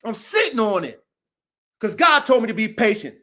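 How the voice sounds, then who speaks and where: A man's voice: sits high, very animated, moderate pace, sharp tone. A man hosting a dog podcast, delivering a boastful, combative, profane rant full of repetition and challenges to listeners. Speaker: podcast host, dog breeder. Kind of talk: profane ranting monologue.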